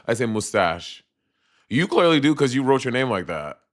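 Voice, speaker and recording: A man's voice: medium pitch, fairly quick. A man with a Caribbean accent chatting sassily to viewers on a casual live stream. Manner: sassy, animated, chatty with viewers.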